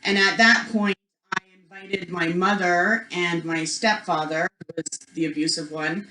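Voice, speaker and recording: A woman's voice: on the low side, fairly even intonation, unhurried, sharp tone, a little hiss or hum. Woman telling her own story at a spiritual workshop, chatty, lots of "like", does little voices for people, echoey room. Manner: chatty, full of "like" and "you know". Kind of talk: personal storytelling.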